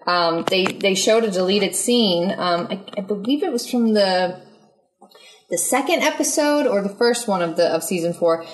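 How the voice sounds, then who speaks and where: A woman's voice: medium pitch, expressive, normal speed, roomy sound, poor audio. Playful woman hosting a podcast trivia quiz. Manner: laughs often, playful and teasing. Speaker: podcast host.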